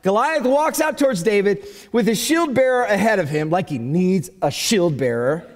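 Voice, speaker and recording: A male pastor preaching a sermon in a church, telling the story in an animated, joking way. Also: high voice, normal speed. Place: church sanctuary. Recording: long church hall reverb.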